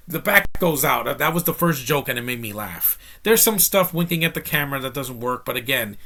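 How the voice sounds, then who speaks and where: Man, channel host, casual movie review, opinionated, emphatic, ranting, bright forceful voice. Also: mid-range voice. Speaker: YouTube film reviewer.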